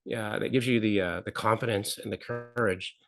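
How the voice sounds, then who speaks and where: A man's voice: fairly low pitch, fairly even intonation, moderate pace. A middle-aged man, a guest on a talk show, telling a personal story in an earnest way and acting out the people he quotes. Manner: earnest, repeats phrases, acts out quotes. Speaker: podcast guest. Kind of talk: candid storytelling interview.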